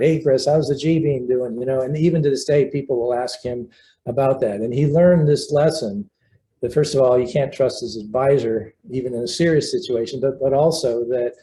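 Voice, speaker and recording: An older man, a research scientist and mentor, telling anecdotes at home in a relaxed, halting interview manner. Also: mid-range voice, a little hiss or hum, low-quality recording. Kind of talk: casual storytelling interview.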